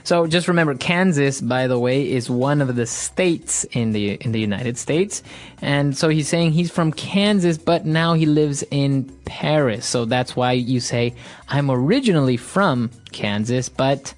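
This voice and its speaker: A man's voice: medium pitch, expressive, a little slow, faint music behind. Man from Ecuador co-hosting a lesson. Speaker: co-host, English teacher. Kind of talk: language lesson explanation.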